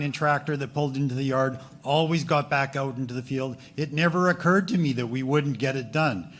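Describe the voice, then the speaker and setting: A man's voice: a little high, a bit bright, a little hiss or hum. Earnest man at a town hall mic. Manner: earnest, plain-spoken. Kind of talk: public comment at a town hall.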